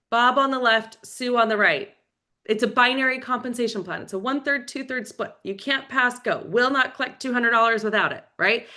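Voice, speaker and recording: A woman's voice: fairly high pitch, pushed and bright. A woman leading a motivational team training, coaching energetically and acting out cheerful phone calls. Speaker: team leader.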